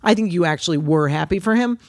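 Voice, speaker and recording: A woman comedian as a podcast guest, chatting in a brash, expressive way, laughing often and swearing. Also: fairly low pitch, fast talker, no echo. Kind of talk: casual chat.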